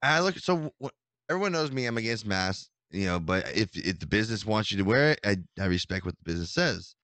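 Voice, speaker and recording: A man telling a story in casual chat, rambling and animated, with many restarts. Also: lowish voice, a little fast, dry recording. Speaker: podcast co-host telling a story.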